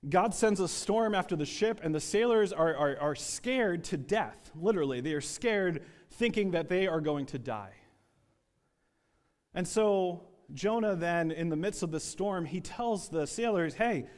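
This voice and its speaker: Guy preaching in a church, higher voice, big echoey reverb, tells the story and acts out the lines. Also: lively intonation, measured pace. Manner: storytelling, acts out quoted voices, some repeated words. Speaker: pastor. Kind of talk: sermon. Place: church sanctuary. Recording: long reverb of a church hall.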